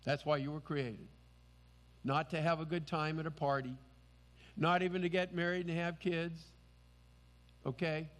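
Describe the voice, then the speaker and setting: A man's voice: fairly high pitch, little pitch movement, a little slow, long pauses, fairly bright tone, long reverb tail. A man preaching a sermon as pastor, earnest and emphatic.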